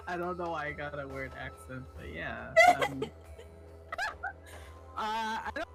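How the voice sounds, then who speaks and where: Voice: mid-range voice, wildly swooping pitch, slow pace, gravelly, low-quality recording. A stream guest chatting casually, bubbly and laughing a lot, rambling and cutting themselves off. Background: faint background music.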